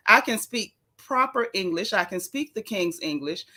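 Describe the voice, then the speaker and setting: A woman's voice: medium pitch, lively intonation, normal speed, bright, forceful tone. A woman hosting a casual chat, talking emphatically and at length about her opinions. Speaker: host.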